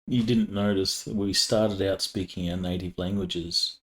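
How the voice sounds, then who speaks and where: A man playing a tabletop game, speaking calmly and explaining things. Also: deep voice, unhurried. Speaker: player. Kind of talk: casual tabletop play.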